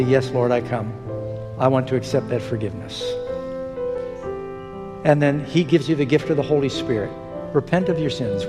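Guy preaching in a big echoey church, kinda high voice, soft music playing under him. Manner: earnest, pleading appeals to the congregation. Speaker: pastor. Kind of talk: sermon with altar call and prayer. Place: church sanctuary. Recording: long hall reverb with music underneath.

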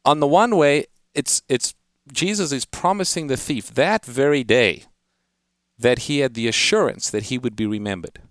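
A man's voice: medium pitch, animated, moderate pace, a bit bright, dry recording, studio quality. A man hosting a call-in radio show, earnestly explaining Bible verses to callers and quoting scripture in a lifted reading voice. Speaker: radio Bible-answer host.

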